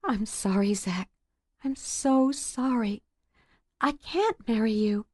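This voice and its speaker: A woman's voice: a little high, slow pace, no echo, studio quality, pitched above the performer's own voice. A woman voicing a guarded young woman with a hidden past, speaking hesitantly in a raised, tight voice in a romance audiobook. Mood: anguished. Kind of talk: audiobook character voice.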